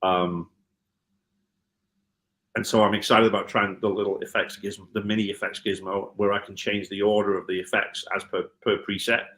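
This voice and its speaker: A man from Liverpool with a Scouse accent softened by American, a guitar tech chatting in an interview and telling stories with many ums and restarts. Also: lowish voice, flat delivery, moderate pace. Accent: Liverpool (Scouse), with some American mixed in. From Liverpool, England. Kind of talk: casual interview chat.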